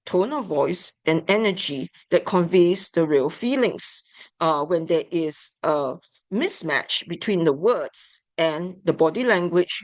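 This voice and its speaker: A woman giving an instructional talk on family therapy, measured and deliberate. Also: lowish voice, dry recording. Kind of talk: instructional lecture.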